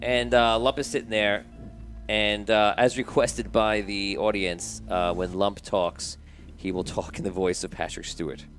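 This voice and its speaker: A man's voice: lowish voice, little pitch movement, measured pace, a bit bright, faint music behind. A man running a tabletop game as game master, narrating with many fillers and restarts. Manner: rambling, many fillers, laughs often.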